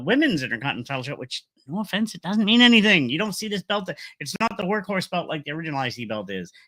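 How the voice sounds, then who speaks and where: A man's voice: medium pitch, pushed and bright, dry recording. A man casually recapping and ranting about a wrestling show, rambling with lots of fillers and strong opinions.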